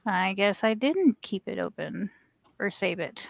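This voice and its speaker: A woman's voice: mid-range voice, expressive, unhurried, creaky, dry recording, lo-fi sound. A woman co-hosting a casual talk show, laughing often as she tells stories and jokes. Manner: laughs often, joking and storytelling. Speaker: podcast co-host. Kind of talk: casual chat.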